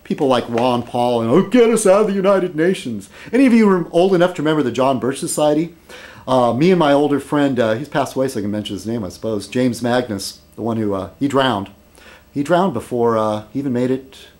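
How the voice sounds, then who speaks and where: A middle-aged man vlogging in casual rambling commentary, chuckling at his own jokes and filling pauses with um and uh. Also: mid-range voice, darkish tone.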